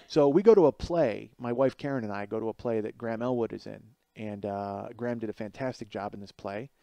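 A man in his forties talks solo on his podcast in a loose, rambling way, full of fillers and asides. His voice sits at an average pitch and then jumps up high and loud whenever a story gets him worked up. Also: vocal fry, no room sound. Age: 40s. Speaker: podcast host. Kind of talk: casual comedic monologue.

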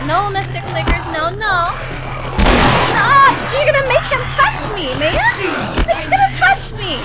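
A woman livestreaming a game, chatting with viewers and swearing and shouting at the game. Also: very high-pitched. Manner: swearing, yelling at the game and reading chat. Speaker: streamer. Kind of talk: casual gaming livestream chat. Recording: dull lo-fi stream audio with game music.

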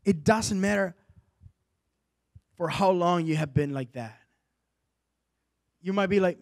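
Impassioned preacher man, high voice. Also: takes it slowly, vocal fry, long pauses. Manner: impassioned, builds to loud exhortation. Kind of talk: sermon.

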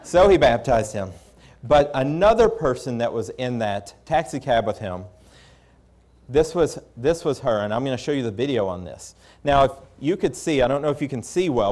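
A man's voice: medium pitch, animated, moderate pace, a little mellow. A man preaching a sermon, recounting his experiences in a candid, conversational way with frequent restarts. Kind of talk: storytelling sermon.

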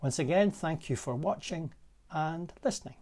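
A man with a Scottish accent, a parish minister giving a gentle, conversational reflective sermon from a room in his manse. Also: a little high. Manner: gentle, conversational, with pauses and soft laughs.

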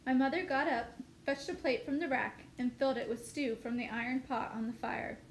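A woman teacher reading a novel aloud with steady, expressive storytelling. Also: sits high, moderate pace. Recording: echoey room, faint noise.

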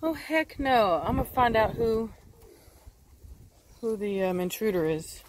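A woman's voice: a little high, animated, unhurried, low-quality recording. A woman with a Texan accent chatting casually outdoors in a vlog, talking to her dogs. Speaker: dog breeder vlogger. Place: outdoors in a windy yard. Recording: faint wind noise outdoors.

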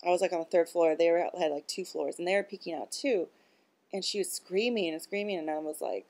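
A woman's voice: lowish voice, brisk, darkish tone. A woman talking in a rambling, casual monologue. She is blunt and profane, and she leans on filler words as she goes. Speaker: vlogger.

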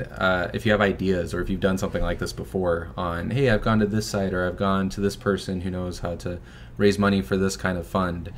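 A young filmmaker, the host's son, is a guest on a casual livestream fundraising chat. He talks in a relaxed, loose way with a deep voice, lots of fillers, and frequent small chuckles, and there's a little hiss or hum in the audio.

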